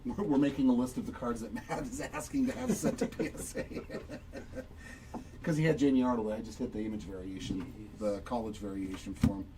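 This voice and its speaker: A man's voice: medium pitch, animated, quick pace, far from the mic, background noise. A man hosting a live trading card break, chatting upbeat and reacting to each pull while answering viewers.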